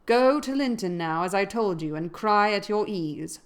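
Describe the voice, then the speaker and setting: A woman reading aloud, voicing a harsh, brutal grown man who speaks loudly and threateningly. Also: mid-range voice, lively intonation, moderate pace, clear, resonant tone, lightly acted. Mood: menacing. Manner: loud, grim, threatening.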